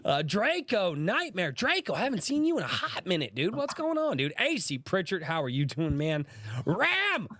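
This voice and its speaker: A man with a lively, swooping voice hosts a casual livestream while he is sick, his throat sore and a cough breaking in. He greets people by name with upbeat energy. The sound is dry and close. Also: sits high, normal speed, hardly any pauses, no room sound. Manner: animated, greets chat by name, laughs through coughs. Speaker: podcast host.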